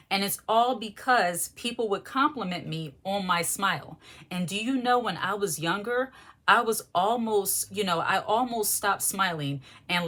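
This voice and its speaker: A lifestyle vlogger with a medium-pitched, somewhat bright voice gives frank, emphatic advice to camera. Her candid monologue is loose and conversational.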